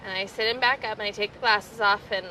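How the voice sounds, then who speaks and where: A woman answering a coach's questions, hesitant and hard on herself. Her voice is bright and tense, with faint noise in the background. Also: medium pitch, steady tone, fast, poor audio. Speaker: coaching participant. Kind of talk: emotional live exchange.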